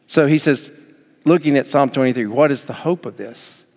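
A man preaching a sermon as pastor, swinging from soft, low passages up to near shouts. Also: moderate pace. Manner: dynamic preaching, rising to near shouts then dropping soft. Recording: long hall reverb.

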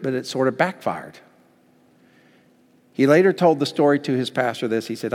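A pastor preaching a sermon, acting out scripture dialogue with big swings between loud and quiet. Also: male voice, big-room sound. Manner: animated, acts out Bible dialogue with big swings in pitch and volume.

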